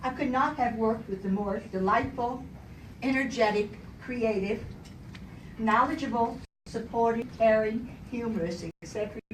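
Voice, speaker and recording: Older woman chuckling through a speech in an echoey hall. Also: mid-range voice. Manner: warm, joking, chuckling storyteller. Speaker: retiree giving a farewell speech. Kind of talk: retirement speech to an audience. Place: large hall at a retirement celebration. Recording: echoey hall from far off, crowd noise. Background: audience chatter and laughter.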